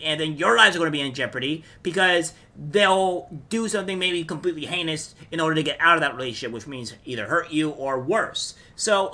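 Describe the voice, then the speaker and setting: A man vlogging an opinion monologue, halting often with fillers and restarts. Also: a little high, sharp tone. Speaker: political commentary vlogger.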